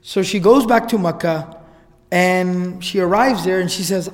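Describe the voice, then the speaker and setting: A man's voice: sits high, a little slow. A man giving a religious lecture, retelling a story in a casual, conversational way with frequent asides. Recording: long hall reverb.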